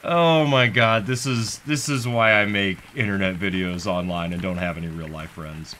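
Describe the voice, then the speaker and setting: A man giving comedic let's-play commentary as a gaming video host, goofy and sarcastic, swearing and getting excited as he plays. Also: low voice, moderate pace, a little hiss or hum.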